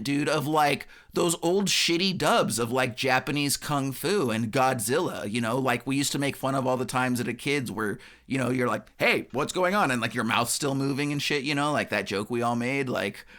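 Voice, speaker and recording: A man co-hosting a film podcast in casual chat, animated, laughing often and swearing freely. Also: medium pitch, normal speed, hardly any pauses. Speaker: podcast co-host.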